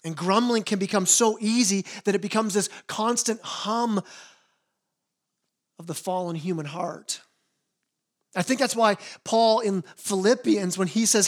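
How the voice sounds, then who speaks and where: A man's voice: high voice, moderate pace. A man preaching a sermon as pastor, earnest, often repeating words as he starts a phrase.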